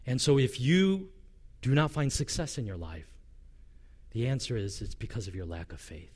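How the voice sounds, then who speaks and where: A man's voice: medium pitch, normal speed, a little mellow. A male pastor preaching a sermon with passion, voicing a prophet's complaints in the first person.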